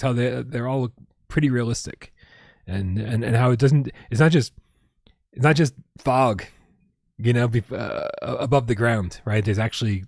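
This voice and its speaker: A man's voice: mid-range voice, a little mellow, no room sound, clean studio sound. A man hosting a casual gaming livestream at home, rambling and reading out viewer tips with lots of restarts. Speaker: livestream host.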